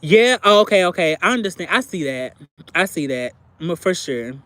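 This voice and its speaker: Very animated, this livestream host speaks at a moderate pace in a lowish, slightly bright voice on a dry recording. She reacts to viewers in a casual live chat, candid and confessional, with plenty of filler words.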